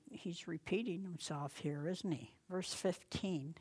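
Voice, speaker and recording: With a husky, fairly low voice and a measured pace with few pauses, a woman leads an informal Bible study. She reads verses aloud with loud emphasis, then drops to soft, near-whispered asides. Her comments are conversational and folksy, with rhetorical questions.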